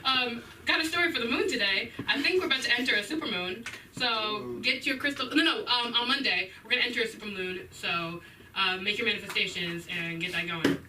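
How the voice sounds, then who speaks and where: High-voiced giggly young woman at open mic. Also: brisk, bright, forceful tone. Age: young adult. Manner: awkward, giggly, chatty. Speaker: stand-up comic. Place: comedy club stage. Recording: distant, noisy club recording.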